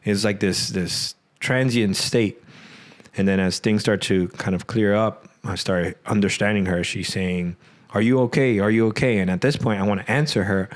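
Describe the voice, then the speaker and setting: Male podcast guest, low voice, loose rambling storyteller, lots of fillers. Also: normal speed. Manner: rambling, many "like" fillers, acts out quotes. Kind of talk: casual storytelling.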